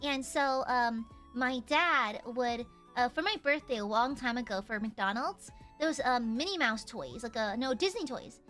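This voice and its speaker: High, bright-voiced chatty woman streamer. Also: animated, a little slow, few pauses, soft background music. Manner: chatty and giggly, rambling with fillers. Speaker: livestreamer. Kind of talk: casual chat with viewers.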